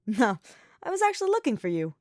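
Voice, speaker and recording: A woman's voice: a little high, huge pitch swings, quick pace, darkish tone, no room sound, studio quality, pitched above the performer's own voice. A woman reading the lines of a playful, confident young male knight with a smirking delivery. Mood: teasing.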